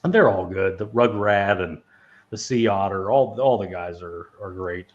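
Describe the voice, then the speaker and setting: A man's voice: deep voice, moderate pace. A man hosting a podcast, chatting casually about movies in a rambling, profane way, laughing often and full of fillers and restarts. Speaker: podcast host. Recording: dull lo-fi sound.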